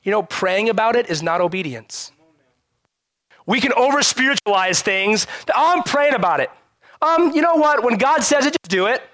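High-voiced pastor preaching with lively conversational punch. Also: male voice, normal speed, no room sound. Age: adult parent. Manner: animated, conversational preaching with frequent rhetorical questions. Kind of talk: sermon.

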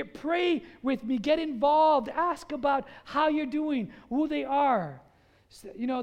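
A pastor delivering a lively sermon, his voice sitting unusually high for a man. He calls out to the congregation for responses and acts out everyday scenes to make his point.

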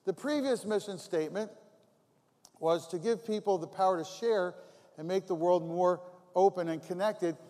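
A man's voice: high-pitched, normal speed, dark tone. A man preaching a sermon as pastor, talking conversationally and repeating phrases for emphasis. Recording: long hall reverb.

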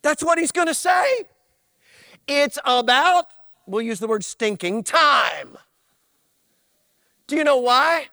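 Man, preacher, sermon, very high voice, unhurried, dry close sound. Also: expressive, pushed and bright, no echo. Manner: emphatic, repetitive, talks straight to the listener. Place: church.

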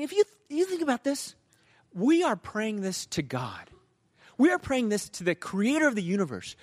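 Male pastor, sermon delivery, lively pitch leaps, slightly high voice, dry close sound. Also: dry recording. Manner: storytelling, animated, asks the audience "right?".

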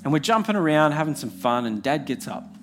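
A young man preaching a heartfelt sermon with repeated phrases, soft music behind. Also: fairly high pitch, sing-song, a little fast.

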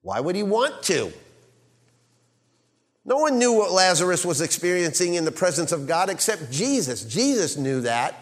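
A male pastor preaching a sermon, swinging between loud emphasis and hushed quiet and asking the congregation rhetorical questions. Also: high-pitched, sing-song, normal speed, big-room sound.

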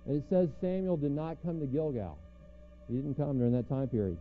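A man's voice: a little high, lively intonation, a little fast. Man, preacher, sermon, rhetorical questions, acts out quotes, narrow tinny sound. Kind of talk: sermon, verse-by-verse Bible teaching. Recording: tinny phone-like sound with faint music.

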